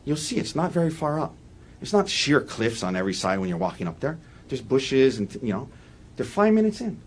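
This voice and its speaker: A man giving a defense opening statement in a courtroom, walking the jury through events in an earnest, halting way with frequent restarts. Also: medium pitch, big pitch swings. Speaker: defense attorney.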